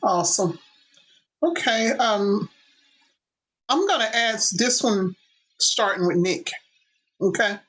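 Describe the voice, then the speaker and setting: An upbeat woman hosting a couples panel, her voice bright and forward. She laughs easily and keeps the talk moving. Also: medium pitch, animated, slow, pauses often, husky. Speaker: host. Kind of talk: casual panel discussion.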